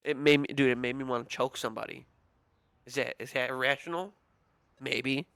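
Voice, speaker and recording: Streamer, young man, gravelly voice, dry close sound, profane exasperated storyteller. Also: mid-range voice, fairly even intonation, fairly quick, a bit bright, no echo. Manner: profane, exasperated ranting with mock-quoted voices. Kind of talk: casual livestream storytelling rant.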